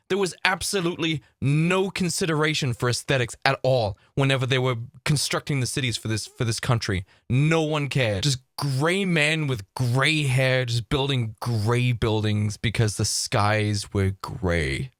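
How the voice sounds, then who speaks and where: A man hosting a reaction video, ranting in animated, sarcastic casual commentary and swearing freely. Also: medium pitch, dry recording, clean studio sound.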